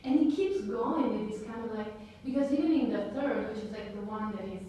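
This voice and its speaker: A woman's voice: fairly quick, mellow, muffled recording. A woman speaking English as a non-native speaker, talking animatedly with many fillers in a casual group discussion. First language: not English. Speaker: seminar participant. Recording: very echoey room, distant mic, faint rumble.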